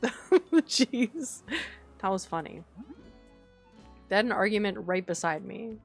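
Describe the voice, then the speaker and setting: Faint music plays behind a young woman streaming a cozy life-sim game. She talks slowly at a medium pitch, chatting casually with viewers over the gameplay, giggling frequently and squealing with excitement.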